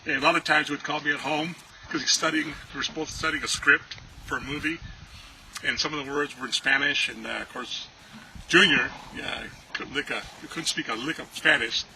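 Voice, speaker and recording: A man, a friend and actor, giving a relaxed, heartfelt memorial tribute with many filler pauses. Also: on the high side, creaky. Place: outdoors at a ranch. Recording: steady background noise.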